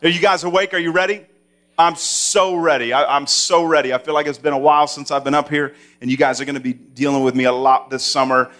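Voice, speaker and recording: A man's voice: on the high side, steady tone, fairly quick. Man preaching with a carrying voice. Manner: loud, carrying preaching voice that builds to fervent declarations. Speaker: pastor. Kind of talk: sermon. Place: church sanctuary.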